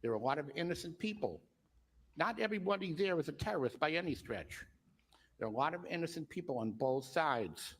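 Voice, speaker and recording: A man giving public comment at a city council meeting, halting and earnest, with many fillers. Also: on the high side, animated, fairly bright tone.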